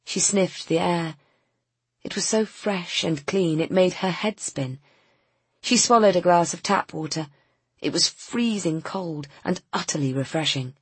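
A woman narrating an audiobook in a measured, expressive reading. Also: fairly low pitch, breathy edge, no room sound.

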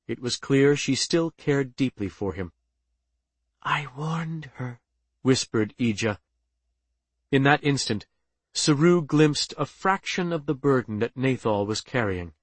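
Steady male audiobook narrator, dry studio sound. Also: mid-range voice, measured pace, dry recording.

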